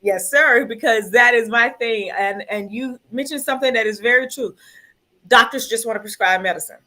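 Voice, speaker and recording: A woman with a fairly high voice hosts an online talk show. She talks in a lively, teasing way and leans hard on her words, repeating phrases for emphasis. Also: normal speed, rough recording.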